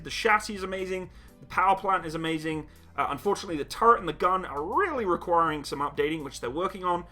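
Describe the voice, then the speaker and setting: A young man hosts a casual live chat stream, reading out donations in a high-pitched, sharp-toned voice. Giggly and self-mocking, he laughs at himself often.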